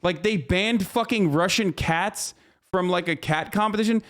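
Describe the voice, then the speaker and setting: A man's voice: sits high, normal speed, fairly bright tone. A man streaming live, giving casual, profane and incredulous commentary as host.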